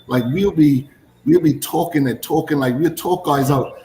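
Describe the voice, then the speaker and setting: A man who used to play cricket, telling animated stories in casual chat and repeating phrases for emphasis. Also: fairly high pitch, normal speed, roomy sound, low-quality recording. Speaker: former cricketer.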